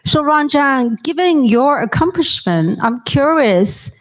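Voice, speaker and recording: A woman's voice: high-pitched, lively intonation, takes it slowly, poor audio. Woman interviewing a guest onstage.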